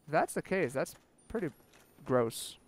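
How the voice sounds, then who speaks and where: A young man commentating his own gameplay, sarcastic and self-mocking, swearing freely and panicking out loud when things go wrong. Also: on the high side, lively intonation, measured pace. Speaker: let's play commentator.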